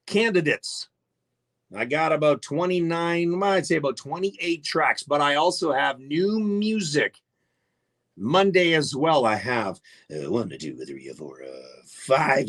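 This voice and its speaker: A man's voice: fairly high pitch, a bit bright. A man hosting a live radio show in casual, jokey chat, greeting listeners by name. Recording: faint music behind the voice.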